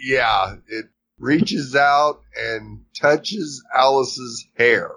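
A man co-hosting a podcast, retelling the plot of a series in a measured, matter-of-fact way. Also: medium pitch, pushed and bright, slight background noise. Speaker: podcast co-host recapping a series. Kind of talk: casual chat.

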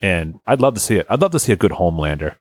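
Man, 30s, podcast host, casual jokey chat, low pitch, very dry close mic. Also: very fast, dry recording. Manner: lively, jokey, laughs easily.

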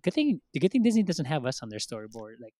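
A man's voice: medium pitch, very animated, fast talker, dark tone, no room sound. A man co-hosting a casual podcast chat, rambling with many fillers and acting out quotes. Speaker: podcast co-host.

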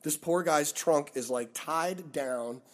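A man's voice: a little high, slow. A man, a touring musician, telling stories in a casual interview and acting out the people he quotes. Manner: animated, acts out quoted people in his stories.

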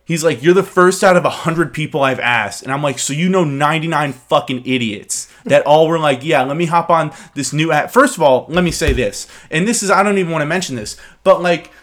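A young man hosting a casual podcast, talking fast and profanely as he rants and mocks people. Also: a little high, fairly bright tone. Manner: profane, ranting, mocking. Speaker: podcast host.

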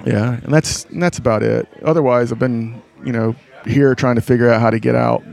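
A man's voice: medium pitch, steady tone, a little fast, vocal fry, a little mellow. A man from North Carolina, a guest on a podcast, talking in a laid-back, hesitant way with dry humor. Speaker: guest, photographer. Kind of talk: casual interview chat.

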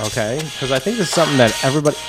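A man's voice: medium pitch, lively intonation, very fast, over loud music. A man co-hosting a casual beer podcast, talking in a laid-back, rambling way. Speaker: podcast co-host. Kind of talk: casual chat.

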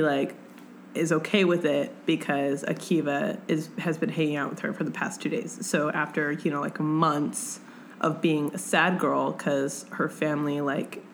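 A young woman hosting a podcast, chatting casually about a book and acting out its characters with big jumps in her voice. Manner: animated, acts out characters with big pitch jumps. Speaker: podcast host. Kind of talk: casual book-club chat. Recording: faint background noise.

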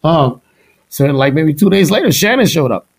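A middle-aged man from Houston, a drummer, telling stories in a casual interview. He talks in an animated way, laughs often and imitates the people he quotes. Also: fairly high pitch, moderate pace, breathy edge. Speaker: guest musician, drummer.

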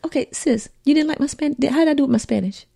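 A woman co-hosting a casual chat show, retelling stories in an animated, dramatic way. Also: high-pitched, racing, creaky. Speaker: podcast co-host.

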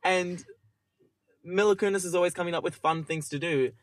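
A man's voice: high-pitched, moderate pace, slight background noise. A man co-hosting a podcast in casual chat, retelling in a loose, hesitant way. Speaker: podcast co-host.

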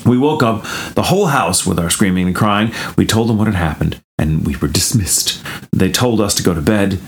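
Low lively-voiced man reading a ghost story. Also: brisk. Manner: animated, laughs and swears in asides. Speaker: podcast co-host reading listener stories.

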